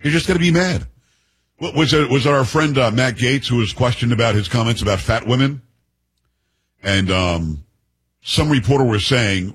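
A chatty man from the United States hosts a talk show, riffing on the news with sarcastic asides. His voice is husky and rough, with some breath in it. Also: mid-range voice, moderate pace, low-quality recording. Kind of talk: casual political commentary.

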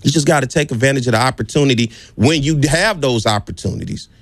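A man's voice: mid-range voice, fast, no room sound. A man hosting a sports show, delivering an impassioned, emphatic monologue with lots of repetition.

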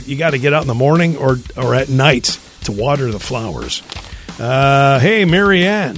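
Chatty radio host, lively voice. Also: male voice, medium pitch. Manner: chatty, folksy, talks to listeners by name. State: frog in his throat. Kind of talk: casual radio banter. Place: radio studio.

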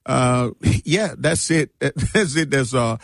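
A man's voice: medium pitch, animated, takes it slowly, gravelly, dry recording. A man hosting a talk radio call-in show, speaking emphatically.

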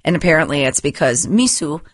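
Lively-voiced woman reading radio news. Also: deep voice, no echo, studio quality. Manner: reads quickly, then laughs and chats. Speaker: news reader on radio show. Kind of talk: reading news headlines between casual banter.

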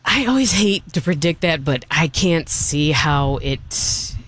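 A man's voice: fairly high pitch, animated, slow pace, a bit bright, dry recording. A man reviewing a film in casual chat, enthusiastic and rambling, often restarting his sentences.

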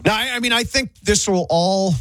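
A man co-hosting a sports radio show, talking casually and excitedly, often restarting his sentences. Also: high-pitched, brisk, no echo. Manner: animated, trails off and restarts.

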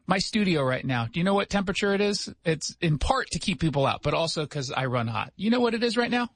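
Sarcastic high-voiced male radio host. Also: sing-song, fairly bright tone, dry recording. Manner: sarcastic, joking, quick asides. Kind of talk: casual talk show banter. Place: radio studio.

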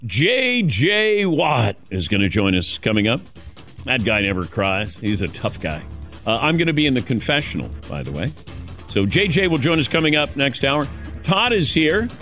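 A man's voice: medium pitch, sing-song, moderate pace, fairly bright tone, soft background music. A male radio host in casual on-air talk, rambling with many fillers and restarts.

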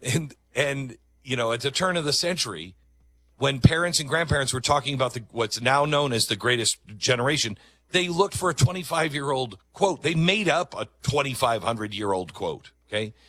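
Emphatic man, lively bright voice. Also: medium pitch, no echo. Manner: emphatic, conversational, with dramatic pauses. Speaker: talk show host. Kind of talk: commentary monologue.

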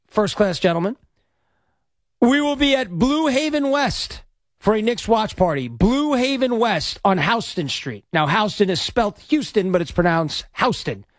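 This man, with a high voice, hosts sports talk radio, rambling brashly as he promotes an event and takes calls. The studio-microphone recording is clean, with no room sound.

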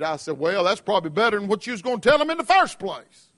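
Impassioned Southern preacher, high voice. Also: male voice, big pitch swings, quick pace. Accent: Southern American. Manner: impassioned, rising to shouts, acting out listeners' objections. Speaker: pastor. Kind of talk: radio sermon.

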